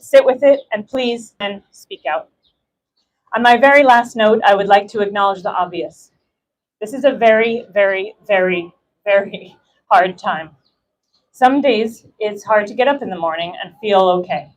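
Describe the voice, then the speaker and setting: A woman's voice: medium pitch, normal speed, low-quality recording. An American woman giving an impassioned rally speech, emphatic and building through repetition. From United States. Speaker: rally speaker.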